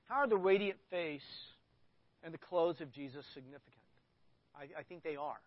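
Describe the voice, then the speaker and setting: A man's voice: on the high side, moderate pace, dry recording, muffled recording. A man preaching a sermon as a pastor, talking casually and reading scripture aloud with rising emphasis. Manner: conversational, reads scripture with emphasis.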